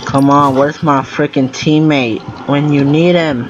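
Slow-talking man over loud noise. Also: a little high, fairly even intonation, muffled recording. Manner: thinks aloud, easily flustered, exclaims and groans. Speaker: gaming video creator. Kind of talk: live gameplay commentary.

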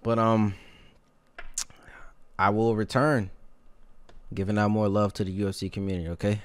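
A young man hosting a live stream in casual, rambling chat, slangy and quick to laugh. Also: on the low side, flat delivery, dry recording. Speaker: streamer host.

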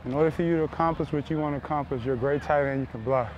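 A young man, a pro football wide receiver, joking and trash talking loudly at practice on a wireless body mic outdoors. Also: a little high, very fast, lo-fi sound, heavy background noise. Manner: loud, joking, teasing trash talk. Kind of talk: mic'd up banter at practice.

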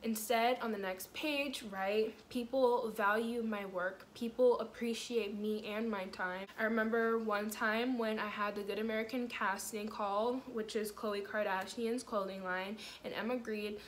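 A woman vlogger giving motivational self-improvement advice to the camera, talking fast, rambling and restarting as her words tumble out. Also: medium pitch, fairly even intonation, slight background noise. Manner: earnest, coaching, asks the viewer questions. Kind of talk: casual motivational to-camera talk.

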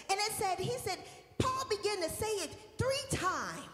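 A woman minister preaching a sermon, shouting and singing out praise at times and dropping to a soft, talking tone at others. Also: extremely high pitch, very animated, moderate pace, reverberant, big-room sound. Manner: shouts and sings out praise, then drops to a soft conversational tone.

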